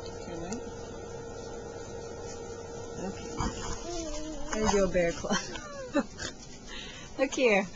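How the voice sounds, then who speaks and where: A woman at home talking playfully to a toddler in animated, sing-song baby talk, recorded on a handheld camcorder. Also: medium pitch, drawn-out words, pauses often. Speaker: caregiver filming a toddler. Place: at home, indoors. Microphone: handheld camcorder mic. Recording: home video with clear background noise.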